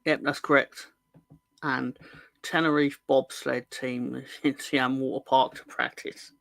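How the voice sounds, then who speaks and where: Gravelly joking man hosting a fan show. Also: medium pitch, level tone, takes it slowly, a bit bright, no room sound. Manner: rambling, joking, corrects himself mid-sentence. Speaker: host of a football fan show. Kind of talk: casual livestream chat.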